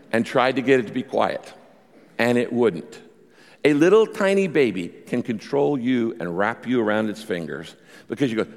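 A man preaching a sermon as a pastor, animated and acting out prayers aloud. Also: mid-range voice, in a large hall.

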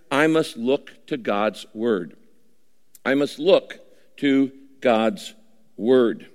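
A man preaching a sermon, emphatic, repeating key phrases and slowing down to read scripture. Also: a little high, long reverb tail. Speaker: pastor.

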